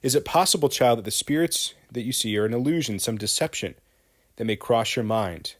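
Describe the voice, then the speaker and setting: Stern old judge, guy reading it, loud firm questioning. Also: medium pitch, animated, brisk, no room sound, clean studio sound, close to an everyday voice. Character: stern older male judge, demanding.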